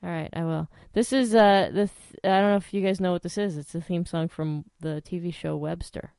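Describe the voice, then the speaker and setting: A woman's voice: lowish voice, steady tone, fairly quick, vocal fry, dark tone. Chatty woman hosting a radio show. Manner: chatty, swears casually, sings along to songs. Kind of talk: casual radio chat.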